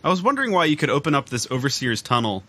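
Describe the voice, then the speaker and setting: A man co-hosting a casual gaming podcast over a call, laid-back and quick to laugh as he comments on his play. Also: mid-range voice, big pitch swings, sharp tone. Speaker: podcast co-host and player. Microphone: remote call mic.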